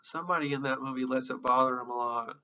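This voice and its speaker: A man's voice: medium pitch, steady tone, quick pace, bright, forceful tone, lo-fi sound. A man in his fifties teaching psychology in an informal, candid and emotional classroom lecture, with some profanity. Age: 50s.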